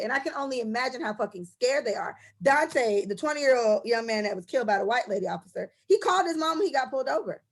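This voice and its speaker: A woman's voice: fairly high pitch, animated, fast talker, creaky, hardly any pauses, husky. A young woman co-hosting a casual podcast, telling stories in an impassioned, profane way. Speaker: podcast co-host.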